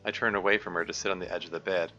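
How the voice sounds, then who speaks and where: A man reading his own visual novel aloud in a low, subdued first-person narration. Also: fairly even intonation, rapid-fire, pushed and bright. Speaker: mod developer reading his game. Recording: dull lo-fi sound, faint music.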